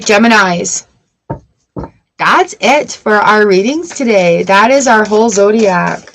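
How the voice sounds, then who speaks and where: A woman's voice: medium pitch, a little hiss or hum, low-quality recording. A woman giving a casual tarot reading to camera, chatting directly to her viewers. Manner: chatty, addresses viewers directly with frequent "right?". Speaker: tarot reader.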